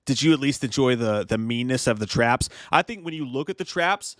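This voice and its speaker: A man's voice: mid-range voice, animated, a bit bright, no room sound, studio quality. Laid-back man hedging his movie takes. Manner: measured, hedging opinions with "I think". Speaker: co-host. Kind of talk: casual movie review chat.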